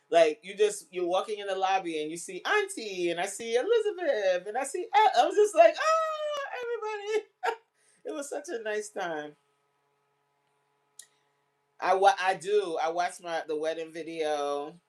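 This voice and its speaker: A middle-aged woman hosting a casual livestream chat, chatty and animated, often laughing and teary-eyed. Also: on the low side. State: tearing up. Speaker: livestream host.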